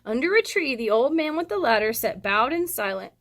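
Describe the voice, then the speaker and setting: With big pitch swings, a brisk pace and few pauses, a woman teacher reads a story aloud to children. Her high voice sounds bright and forceful, and she stops for chatty, encouraging asides.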